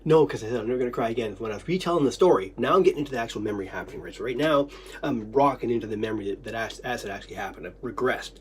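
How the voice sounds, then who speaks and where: A speaker rambling through an unscripted monologue of memories, swearing often, short of breath and snotty, swinging between giddy laughing sobs and low muttering. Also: very fast, darkish tone, a little hiss or hum. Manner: rambling, repetitive, heavy swearing.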